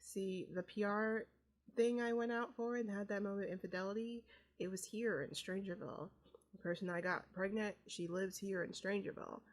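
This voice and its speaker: A woman's voice: medium pitch, fairly even intonation, normal speed, lightly acted. Woman voicing a hesitant sim dad. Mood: earnest. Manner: hesitant, stammering. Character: caring middle-aged father, sheepish and confessing.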